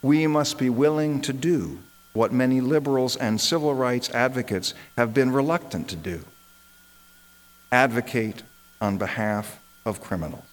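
A man's voice: medium pitch, measured pace, poor audio. A man, a minister, delivering an impassioned sermon built on rhetorical repetition.

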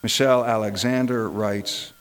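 A man's voice: lowish voice, steady tone, normal speed, clear, resonant tone, low-quality recording. A man, a minister, delivering an impassioned sermon built on rhetorical repetition.

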